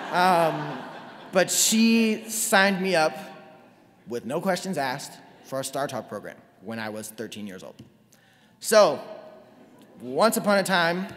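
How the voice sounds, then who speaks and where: A man in his twenties from North Carolina, giving a lively, self-deprecating storytelling talk to an audience. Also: medium pitch. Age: 20s. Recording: long hall reverb.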